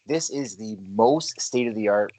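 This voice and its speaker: A man co-hosting a casual sports podcast, hyped and loud on the intros. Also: fairly low pitch, measured pace. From Canada. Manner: hyped, shouty announcer-style intros. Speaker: podcast co-host.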